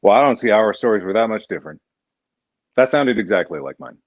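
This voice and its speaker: A man hosting a casual charity livestream, animated and jokey, sometimes jumping into high exaggerated outbursts. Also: fast, no room sound, phone-quality sound. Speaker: livestream host.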